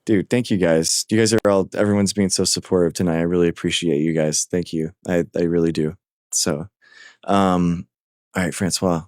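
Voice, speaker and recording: A man runs a live call-in show, talking loosely and informally. His voice sits on the low side and the sound is dry and close, with no room around it. He stumbles and repeats himself as he goes. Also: steady tone, a little mellow, no echo. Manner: halting, repeats words, laughs often. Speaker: livestream host taking callers. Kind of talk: casual live call-in chat.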